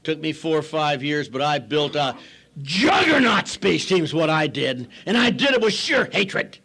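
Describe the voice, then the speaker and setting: A man's voice: fairly high pitch, sing-song, moderate pace, creaky, bright, forceful tone. Older man telling a wry, self-mocking story. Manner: acts out quoted people in voices. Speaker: AA speaker. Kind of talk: recovery talk storytelling.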